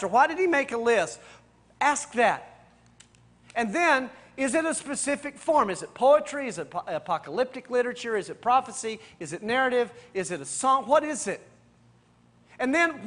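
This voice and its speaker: High-voiced pastor teaching Bible study. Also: male voice, fairly bright tone. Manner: rhetorical questions, repeats key points; addresses listeners directly and casually.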